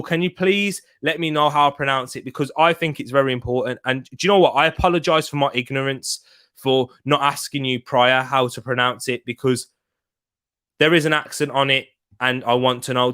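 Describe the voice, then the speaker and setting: A man hosting a football watch-along live stream, chatting casually, reading out viewers' messages and shouting excitedly when a goal goes in. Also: on the high side, normal speed, clean tone. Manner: chatty, reads chat aloud, bursts into shouting at goals.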